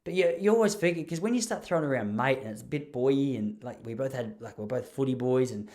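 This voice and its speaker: A man's voice: mid-range voice, expressive, quick pace, darkish tone. Chatty Australian man telling stories. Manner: chatty, self-deprecating, laughs at his own stories. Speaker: podcast host. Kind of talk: casual storytelling monologue.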